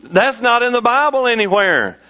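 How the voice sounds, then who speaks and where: Bright high-voiced preacher. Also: male voice, big pitch swings, normal speed. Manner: preaching with rising emphasis and repeated phrases. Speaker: pastor. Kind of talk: sermon. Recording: dull lo-fi sermon recording.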